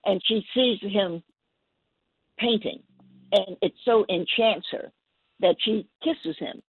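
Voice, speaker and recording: A woman poet guesting on a call-in show, telling a story in a gentle, rambling way with many restarts. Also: medium pitch, takes it slowly, breathy edge, dry recording. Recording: tinny phone line.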